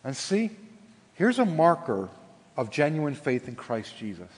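A pastor delivers a sermon with a husky, somewhat high voice. He swings from loud, pleading lines to hushed, almost whispered ones. The sound carries a long reverb, as in a large hall. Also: big pitch swings, measured pace.

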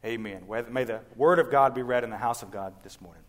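A man's voice: mid-range voice, fast. A man reading scripture aloud in a church service, earnest, with small stumbles and fillers. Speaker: scripture reader.

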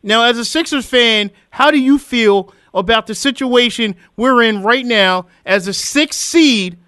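A man's voice: very high-pitched, a little slow, pushed and bright, clear, resonant tone, dry recording, clean studio sound. A man hosting a casual sports podcast, talking emphatically and repeating phrases for effect as he vents. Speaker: podcast host.

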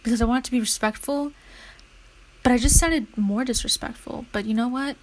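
A woman's voice: fairly high pitch, a little fast, poor audio. A young woman vlogging casually while studying, rambling and chatty, now and then murmuring her notes half under her breath.

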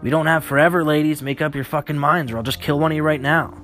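A man's voice: on the high side, fairly even intonation, fast talker, fairly bright tone, soft background music, pitched above the performer's own voice, natural voice. A man voicing a cruel, crude male survivor who snarls taunting threats in a horror audiobook. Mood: menacing.

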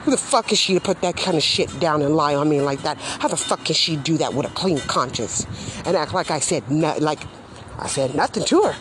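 Furious profane woman ranting, lively pitch. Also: a little fast, background noise. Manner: heated, profane, indignant. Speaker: mother venting about social services. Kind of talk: angry monologue rant.

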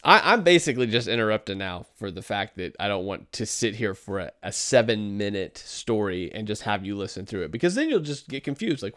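A man's voice: fairly low pitch, lively intonation, brisk, few pauses, fairly bright tone. A man giving casual, critical commentary while reviewing a sermon clip, talking loosely with fillers. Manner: conversational, critical, frequent fillers. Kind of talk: video commentary.

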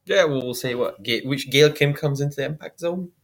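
A man's voice: medium pitch, a little fast. A man co-hosting a casual podcast chat about wrestling, mostly giving short agreeing replies. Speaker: podcast co-host.

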